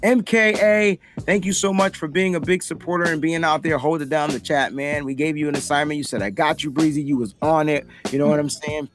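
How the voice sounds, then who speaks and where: Male podcast host, young adult, casual and loose, somewhat higher voice, faint music underneath. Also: brisk, few pauses. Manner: animated, loose, bursts into shouts and laughter. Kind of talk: casual livestream podcast outro.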